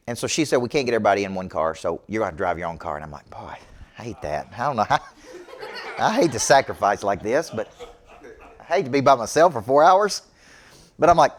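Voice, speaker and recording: A middle-aged man, giving a motivational business talk to an audience in an emphatic, preachy way. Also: medium pitch. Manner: emphatic, preachy, repeats "okay?" to check in. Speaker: business coach.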